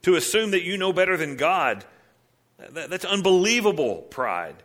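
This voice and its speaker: A man preaching, his voice bright and carrying as he fires off rhetorical questions. He leans into the voices of the people in his stories and then drops back to explain verse by verse. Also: sits high, very animated, moderate pace. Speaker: pastor. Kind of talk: sermon.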